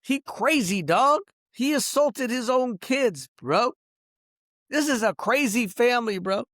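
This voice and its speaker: A man's voice: very high voice, animated, slow pace, fairly bright tone, no room sound, studio quality. A middle-aged man in an angry, rambling vlog rant, swearing and ending sentences with "bro" and "dog". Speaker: vlogger.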